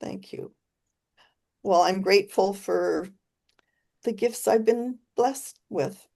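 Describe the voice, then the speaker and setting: A woman presenting on a video call, speaking softly and reflectively, often trailing off and restarting. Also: mid-range voice, slow, vocal fry. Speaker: guest presenter. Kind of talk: casual video call chat.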